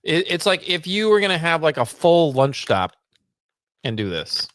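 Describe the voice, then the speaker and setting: A man's voice: on the high side, big pitch swings, moderate pace, a bit bright, no room sound. A man co-hosting a casual podcast, chatty and a bit hesitant as he taste-tests food. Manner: hesitant, chatty, talks with mouth full while tasting. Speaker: podcast co-host. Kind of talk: casual chat.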